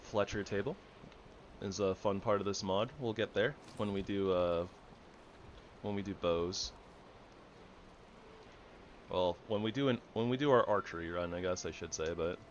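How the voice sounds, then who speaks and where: A man's voice: low voice, highs cut off, slight background noise. A man giving casual, rambling commentary over his gameplay, often correcting himself. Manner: rambling, self-correcting, relaxed. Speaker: gamer.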